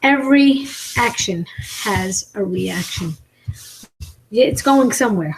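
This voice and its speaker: Speaking slowly with lively intonation, this woman has a mid-range, breathy voice captured in a low-quality recording. She's in her 40s, a comedian and mukbang vlogger making casual, self-mocking, complaining conversation while she eats on a live video.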